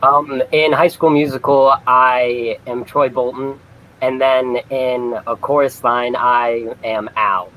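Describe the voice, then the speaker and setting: A man's voice: medium pitch, steady tone, slow pace, fairly bright tone, low-quality recording. A young man, a guest on an online chat show, giving brief, modest, easygoing answers. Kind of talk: casual interview answers.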